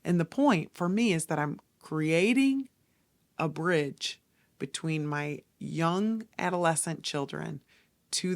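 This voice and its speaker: A woman in her forties hosts a podcast, talking casually yet earnestly and confessionally to her listeners. Her voice is low-pitched and creaky, with no echo.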